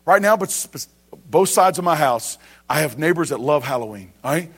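High-voiced man preaching a sermon. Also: lively intonation, normal speed, slightly rough. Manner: preaching with rising emphasis, asides and rhetorical questions. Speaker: pastor.

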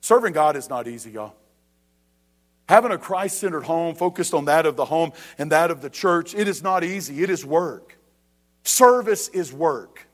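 A middle-aged man, a pastor preaching a sermon to his church, growing loud and emphatic on repeated questions. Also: on the high side, expressive, normal speed.

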